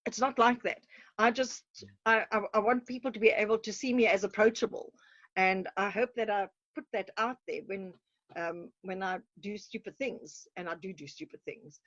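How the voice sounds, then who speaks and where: A woman's voice: mid-range voice, normal speed, a bit bright, no echo. Chatty woman on a call. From South Africa. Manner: self-deprecating, chatty, laughs often. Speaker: guest. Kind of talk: video call interview. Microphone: video call. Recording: dull muffled call audio.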